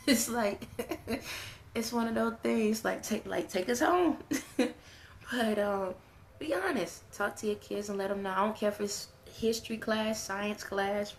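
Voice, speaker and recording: A woman's voice: medium pitch, gravelly, slight background noise. A middle-aged woman and parent, speaking in a candid, earnest, down-to-earth way as she gives casual advice straight to her viewers. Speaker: parent vlogger. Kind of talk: casual advice talk to camera.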